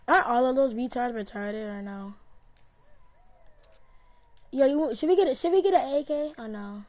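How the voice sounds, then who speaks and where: A woman's voice: sits high, normal speed. A woman chatting casually while gaming, rambling and jokey, often trailing off and restarting her sentences. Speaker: gamer. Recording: dull lo-fi recording.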